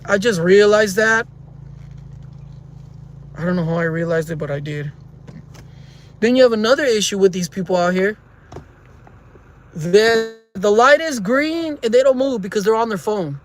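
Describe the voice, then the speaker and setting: A man's voice: sits high, normal speed, long pauses. A man vlogging from his car in traffic, rambling and venting at his viewers, recorded on a phone on a dash mount. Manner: rambling, frustrated, talks to viewers as guys. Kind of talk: casual driving vlog. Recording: car interior with faint road hum.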